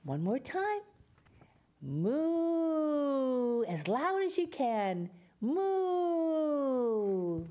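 A woman reads a children's story aloud at an unhurried pace. Her pitch rises and dips in a lively, sing-song way as she leads the little listeners through rounds of animal sounds. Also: husky, lo-fi sound. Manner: animal sounds and call-and-response. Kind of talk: reading a picture book aloud to children.

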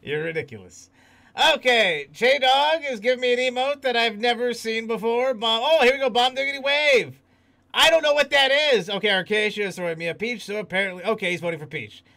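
A man's voice: extremely high pitch, fairly quick, vocal fry, sharp tone. A man hosting a livestream, chatting casually, reading the chat aloud and laughing often. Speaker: host.

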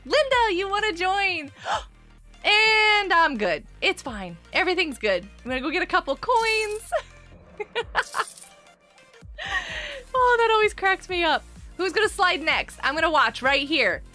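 Bubbly high-voiced woman streamer. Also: measured pace, pauses often, soft background music. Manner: chatty, greets viewers by name, excited outbursts. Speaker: live streamer host. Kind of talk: casual gameplay live stream chat.

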